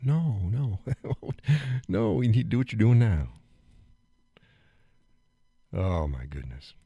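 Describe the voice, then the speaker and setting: A man's voice: on the low side, big pitch swings, slow pace, warm tone, slightly rough, no room sound, muffled recording. A man hosting a live stream, chatting casually, joking, laughing often and getting worked up as he rants.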